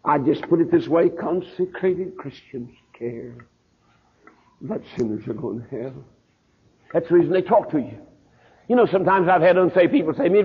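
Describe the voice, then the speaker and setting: An older man preaches in a husky voice that sits fairly high for a man. He tells folksy stories, sometimes quiet and sometimes rising. The sound is thin and tinny, like an old phone-line sermon tape. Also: lively intonation, moderate pace. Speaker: pastor.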